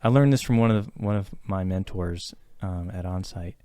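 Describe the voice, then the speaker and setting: A man's voice: sits low, moderate pace, mellow, dry recording, clean studio sound. A man co-hosting a podcast, talking in an earnest, reflective way with many fillers and restarts. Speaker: podcast co-host. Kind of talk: casual podcast conversation.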